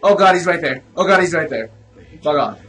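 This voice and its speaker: A young man giving casual let's play commentary on a horror game, excitable and swearing, trash-talking the enemies with jokey running remarks and sudden yelps. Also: on the high side, brisk. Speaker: gamer playing a horror game.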